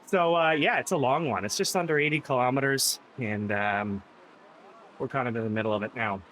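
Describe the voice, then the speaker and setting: A man's voice: mid-range voice, fairly quick, a bit bright. A man talks easily while he pedals through a virtual cycling race, chatting to his stream and to his riding buddy. He laughs often and sounds slightly winded. A faint hum of noise sits behind him. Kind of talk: casual live-stream chat.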